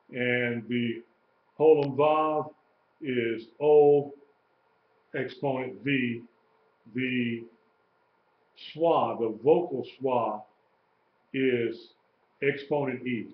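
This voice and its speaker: A man lectures a class at an unhurried pace, patiently repeating each term and spelling words out letter by letter. His voice sounds dull and lo-fi, like a live stream, and carries the echo of a roomy classroom. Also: mid-range voice, slight background noise. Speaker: Hebrew teacher.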